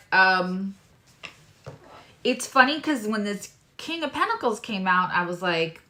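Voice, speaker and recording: A woman's voice: mid-range voice, fairly bright tone. A woman reading tarot cards on a live stream, chatting with viewers in a loose, digressive way. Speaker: tarot reader and astrologer.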